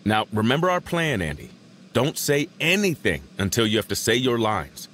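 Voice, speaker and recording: Man playing patient coaching guy, lively pitch, coaxing, faint noise behind. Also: moderate pace. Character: man coaching a robot actor before a shoot.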